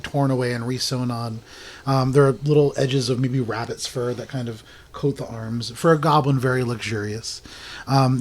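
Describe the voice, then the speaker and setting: A man narrates a tabletop game as game master, describing the scene in a relaxed way with many fillers. His pitch sits in the middle. A faint hiss runs under his voice.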